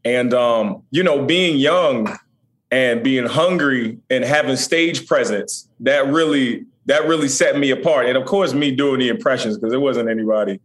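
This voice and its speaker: A man from Virginia, a comedian guest on a podcast, chatting casually and telling stories with animated energy. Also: mid-range voice, normal speed. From Virginia, USA. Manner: animated storyteller, impressions. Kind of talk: casual interview chat.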